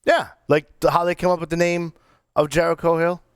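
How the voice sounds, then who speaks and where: Rambling, animated male cigar podcast host. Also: fairly high pitch, brisk, clear, resonant tone, dry recording, studio quality. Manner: animated, rambling, lots of restarts. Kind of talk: casual chat.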